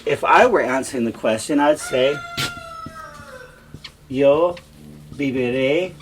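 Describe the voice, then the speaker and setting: A man teaching a Spanish grammar lesson, explaining slowly and repeating each example in both languages. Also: medium pitch, expressive, fairly bright tone, poor audio. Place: home, dogs nearby.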